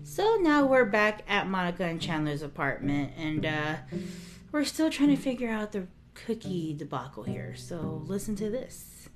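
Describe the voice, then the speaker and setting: A woman hosting a podcast, recapping scenes in casual chat and acting them out with animated storytelling. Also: on the low side, moderate pace, loud music behind the voice. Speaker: podcast host.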